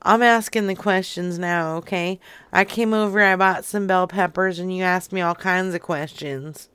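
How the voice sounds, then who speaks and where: A woman's voice: fairly low pitch, steady tone, normal speed, fairly bright tone, clear, resonant tone, dry recording. A woman hosting a podcast, making crude, sassy prank phone calls and laughing often. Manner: sassy, brash, laughs a lot. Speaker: prank-calling podcast host.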